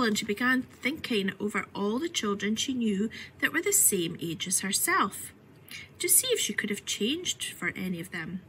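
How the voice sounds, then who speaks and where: A woman reading a children's story aloud in an expressive way, often softening to a whisper. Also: mid-range voice, normal speed, slight background noise, poor audio. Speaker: reader.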